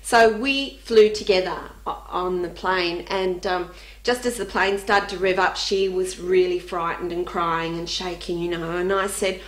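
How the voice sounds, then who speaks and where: An Australian woman telling funny personal stories in an animated way, laughing often and acting out voices. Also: on the low side, measured pace, reverberant. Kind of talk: humorous personal storytelling.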